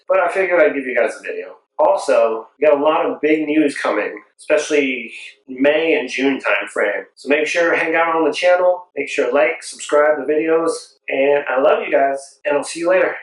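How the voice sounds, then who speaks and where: A young man telling a storytime tale to camera in a casual, jokey way with quick asides. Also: a little high, far from the mic. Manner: chatty, jokey, fast asides. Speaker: vlogger. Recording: roomy echo, off-mic, faint music.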